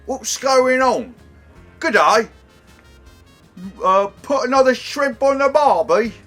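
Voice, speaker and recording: A man's voice: extremely high pitch, expressive, slow pace, fairly bright tone, faint music behind, pitched above the performer's own voice, full character voice. A man putting on an over-the-top mock British accent that slides into a mock Australian one, as a bad impression of a famous man. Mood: cheerful. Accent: mock British, mixed with mock Australian.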